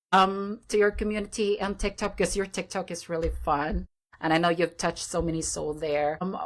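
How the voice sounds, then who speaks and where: A woman hosting an interview, affirming her guest often and asking questions. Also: fairly low pitch. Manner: warm affirming, many backchannels. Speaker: interview host. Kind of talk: interview conversation.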